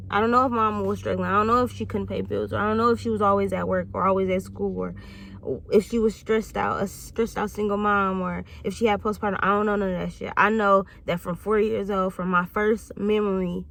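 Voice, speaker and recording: A woman's voice: mid-range voice, steady tone, brisk, vocal fry, fairly bright tone, slight background noise. A woman in her thirties talking bluntly and reflectively in a candid vlog monologue, swearing freely. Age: 30s. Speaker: channel host.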